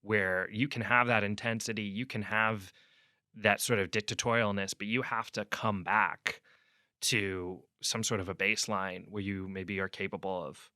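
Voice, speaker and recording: A man's voice: on the low side, steady tone, normal speed, no room sound, studio quality. A young adult man, a sports reporter guest, telling rambling stories in a conversational interview and acting out quotes. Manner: rambling storyteller, restarts, acts out quotes loudly.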